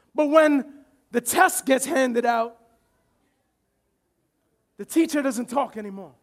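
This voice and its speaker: A man preaching a sermon as pastor, animated, often shouting and laughing while acting out voices from the story. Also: very high-pitched.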